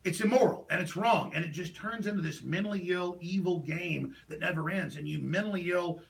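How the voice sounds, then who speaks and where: A middle-aged man hosting a talk show, delivering a heated political rant that swings between loud outbursts and low mutters. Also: a little fast, vocal fry.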